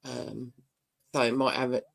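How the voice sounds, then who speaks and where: A woman's voice: a bass voice, flat delivery, normal speed, creaky. A woman co-hosting a community show, talking casually and hesitantly. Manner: hesitant, with frequent fillers and restarts. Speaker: co-host playing videos. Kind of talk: casual chat.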